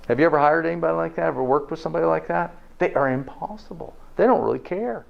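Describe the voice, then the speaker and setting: A man with a slightly high voice and some vocal fry talks fast as he delivers a live health lecture. His manner is folksy, he tags his points with "okay?", and he asks the audience questions. The recording is dull and lo-fi.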